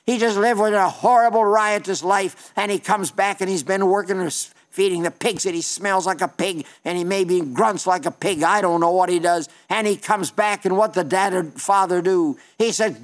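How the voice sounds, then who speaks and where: An older man preaching a sermon in a folksy storytelling way, slowing down for emphasis. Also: high voice.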